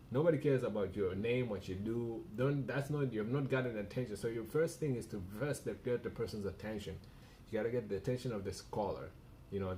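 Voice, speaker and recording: Male sales coach reviewing a cold call on a stream. Fairly low voice, blunt and emphatic, repeats his points, faint noise behind. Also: darkish tone.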